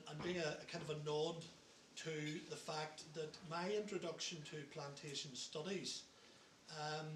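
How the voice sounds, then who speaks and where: A middle-aged man chairs a lecture session, speaking hesitantly with many ums and chatty asides. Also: a little high. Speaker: conference chair. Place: lecture hall. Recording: echoey hall, distant mic, faint hiss.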